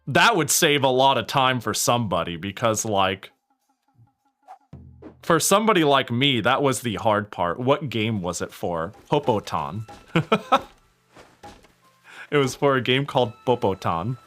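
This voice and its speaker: A man's voice: medium pitch, measured pace, pauses often, soft background music. Rambling young man streaming a game. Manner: rambling and animated, laughs often, swears casually. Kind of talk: casual gaming stream chat.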